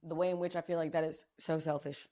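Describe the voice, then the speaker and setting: A woman's voice: low voice, level tone, fast, warm tone. A young woman co-hosting a podcast, talking in casual, slangy and profane conversation. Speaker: podcast co-host. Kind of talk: casual chat.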